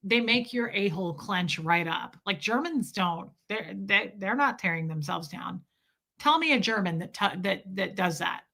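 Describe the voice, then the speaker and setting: Woman, from the United States, livestream host, casual chat, animated, lots of fillers, bright voice. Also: medium pitch, moderate pace, vocal fry. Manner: animated, chatty, many fillers, reads viewer comments aloud.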